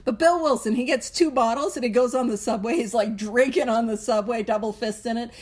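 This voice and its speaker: A woman's voice: a little high, a little fast, a little mellow. Chatty, laughing woman leading a study group. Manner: chatty, self-deprecating, laughs often and jumps between voices. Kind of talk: casual Big Book study talk.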